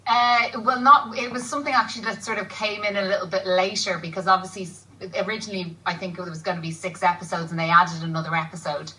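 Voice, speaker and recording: A woman's voice: on the low side, fairly even intonation, fast, hardly any pauses, sharp tone, far from the mic, a little hiss or hum, low-quality recording. A woman, an actress guest, chatting casually on a TV show, laughing often and rambling a little. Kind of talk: casual TV chat. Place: TV studio.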